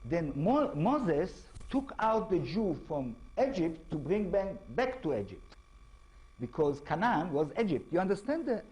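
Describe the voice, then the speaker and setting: A man with an Israeli accent lecturing as an author, speaking halting English and often checking in with tag questions. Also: high voice, very animated, a little mellow, breathy edge, poor audio. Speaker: author giving a talk. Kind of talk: lecture to an audience.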